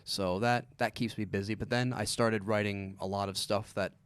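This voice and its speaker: A man who is a stand-up comedian, chatting as a guest on a podcast in a halting, self-deprecating, deadpan way, often restarting his sentences. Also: fairly low pitch, clear, resonant tone, no room sound. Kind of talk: casual podcast chat.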